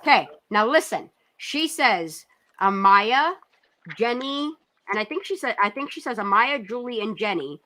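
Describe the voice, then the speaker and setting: Bright-voiced blunt woman commentator. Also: fairly high pitch, expressive, unhurried. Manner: blunt, profane, sarcastic. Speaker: channel host. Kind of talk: casual true-crime commentary over a video.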